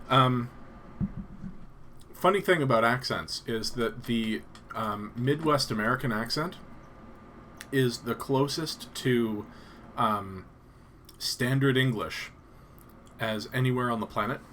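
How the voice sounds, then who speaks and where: A man's voice: medium pitch, slow pace, pauses often, a bit bright, slight background noise. A man from Canada chatting casually on a live stream, rambling and hesitant with frequent ums and restarts.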